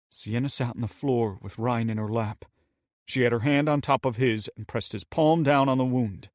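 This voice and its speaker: Male audiobook narrator, measured and steady, recorded dry and close. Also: medium pitch, no room sound. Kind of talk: scripted narration.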